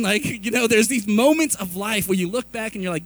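High-pitched middle-aged guy preaching, animated, lots of restarts and stories. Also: fairly quick, few pauses. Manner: animated, confessional storytelling with many restarts. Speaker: pastor. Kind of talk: sermon.

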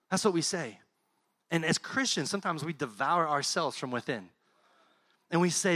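A middle-aged male pastor delivers a sermon at a moderate pace, speaking in a conversational, animated way. For heartfelt points he drops to a soft, low voice, and the recording has no echo.

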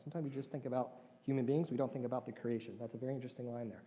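A man's voice: medium pitch, fairly even intonation, very fast, few pauses, warm tone. A man preaching a sermon as a pastor, talking conversationally and putting questions to his listeners. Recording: long reverb of a large hall.

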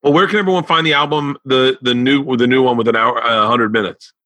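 A man's voice: medium pitch, brisk, bright, forceful tone, dry recording. A man hosting a podcast, chatting casually with lots of swearing and stammered restarts. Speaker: podcast host. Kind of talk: casual interview chat.

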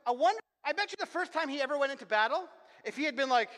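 A man with a very high, bright voice delivers a fervent sermon, repeating phrases and restarting as he drives each point home. His words ring out with a long reverb from a church hall. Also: animated, very fast. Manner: fervent, repetitive preaching with many restarts. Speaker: pastor.

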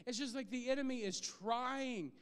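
High-voiced preacher in an echoing hall. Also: male voice, normal speed, clear, resonant tone. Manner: animated, laughs often, acts out scenes. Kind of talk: sermon. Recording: long hall reverb.

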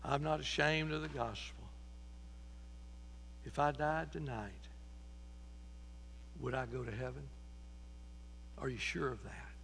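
A man's voice: medium pitch, slow, gravelly, pauses often, a bit bright. A man preaching a sermon in a church, telling the story with passion and repeating his phrases as he builds. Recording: echoey hall with mains hum.

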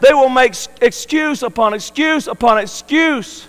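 A man's voice: extremely high pitch, moderate pace, hardly any pauses, in a large hall, low-quality recording. A man preaching a sermon in an earnest, pleading manner that rises to impassioned emphasis. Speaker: pastor.

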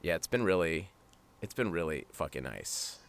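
A man co-hosting a sports podcast, chatting casually and ribbing with animated sarcasm. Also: low voice, normal speed, gravelly. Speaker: podcast co-host.

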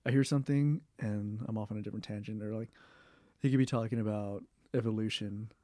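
A young man in a casual interview, talking in a rambling way with many fillers, restarts and throat clearing. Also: on the low side, steady tone, fast talker, warm tone, no room sound, clean studio sound. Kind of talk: casual oral history interview.

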